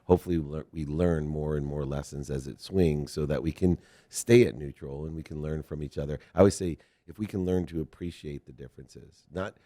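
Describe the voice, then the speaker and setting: A man's voice: extremely low pitch, fairly even intonation, a little fast, few pauses, warm tone. A middle-aged man from Ohio hosting an interview, rambling and self-deprecating, often laughing. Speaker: interview host. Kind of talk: casual interview conversation.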